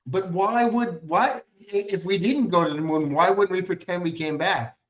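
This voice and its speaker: Wry deadpan male co-host. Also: high-pitched, moderate pace. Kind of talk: casual chat.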